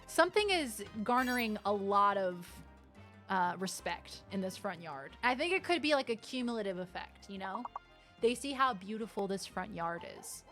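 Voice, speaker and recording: A woman streaming a video game, reacting to it in excitable, profane casual chat. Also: medium pitch, normal speed, soft background music. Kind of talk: casual live-stream chat while gaming.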